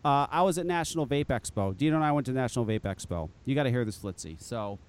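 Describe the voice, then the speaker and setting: A man hosting a podcast, telling a story in casual chat, animated and profane, laughing often. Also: mid-range voice, fast, clean tone. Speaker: podcast host.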